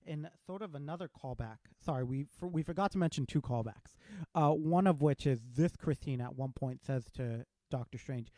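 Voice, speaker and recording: Man, podcast host, very dark mellow voice, dry close mic, animated casual film chat. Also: fairly high pitch, normal speed, no echo. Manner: animated, retells scenes with quoted lines.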